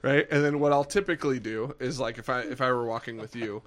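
A man's voice: mid-range voice, fast talker. A man appearing as a podcast guest, chatting casually and chuckling as he explains his habits. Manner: lively, chuckling storyteller. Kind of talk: casual chat.

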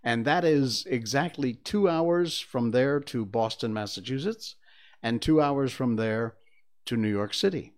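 A man's voice: mid-range voice, a little slow. Older man rambling as a talk host. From Connecticut. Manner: conversational, digressive, with many fillers. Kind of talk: rambling opinionated monologue. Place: studio.

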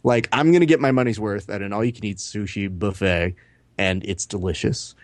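A man's voice: fairly low pitch, brisk, dry recording. A man in his thirties, a podcast co-host, telling stories in casual chat and acting out the quotes, swearing now and then. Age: 30s. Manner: animated storyteller, acts out quotes, swears casually.

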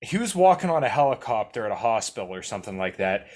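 A man chatting on a podcast, animated and swearing casually, often acting out quoted voices. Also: on the low side, fast. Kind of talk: casual chat.

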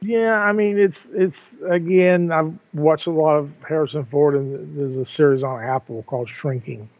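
A man's voice: a little high, moderate pace, no echo. Older man rambling over a tinny line. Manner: rambling, frequent restarts and repeated words. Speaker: podcast co-host. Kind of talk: casual podcast chat. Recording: tinny phone-like line, dry.

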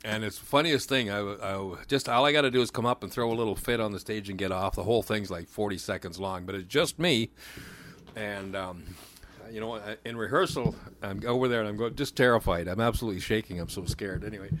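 Rambling low-voiced man telling stories. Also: fairly bright tone, a little hiss or hum. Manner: rambling, self-deprecating, quick to joke. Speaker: pit band musician and community theatre bit player. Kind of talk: casual interview storytelling.

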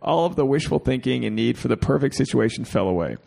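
A man's voice: mid-range voice, expressive, quick pace, creaky, a little mellow, breathy edge. A man co-hosting a podcast, reading a listener's email aloud with crude jokes and asides. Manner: jokey, crude asides, gets teary. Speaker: podcast co-host.

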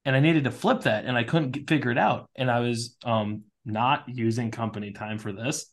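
A man in his thirties co-hosting a relaxed podcast, telling stories with lively, animated energy and a bit of casual swearing. His voice sits at an ordinary middle pitch. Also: normal speed. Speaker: podcast co-host.

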